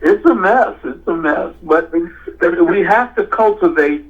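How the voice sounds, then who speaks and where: A man talks earnestly on a podcast, laughing now and then. His voice is high for a man, and the recording sounds dull and lo-fi. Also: takes it slowly. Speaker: podcast co-host. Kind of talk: casual chat.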